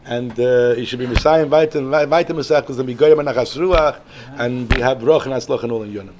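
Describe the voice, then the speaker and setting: Animated rabbi. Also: male voice, medium pitch, brisk, noisy background. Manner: animated storyteller, repeats and restarts phrases. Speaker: rabbi teaching daily Talmud. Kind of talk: storytelling Torah lesson.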